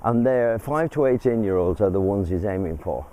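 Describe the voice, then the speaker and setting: A man's voice: fairly low pitch, animated, moderate pace, mellow, low-quality recording. An older man from England hosting a casual vlog, chatting in a rambling way while walking uphill outdoors, a little out of breath. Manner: chatty, rambling, breaks off mid-thought. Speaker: vlog host. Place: outdoors, walking through a village.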